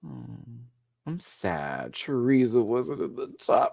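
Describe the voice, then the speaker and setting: A man's voice: mid-range voice, unhurried, gravelly, husky. Male host of a live show review; gushing, chatty, answers his viewers, voice rises and falls a lot. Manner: gushing, excitable, laughs often; chatty, talks back to viewers' comments. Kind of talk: live video review chat.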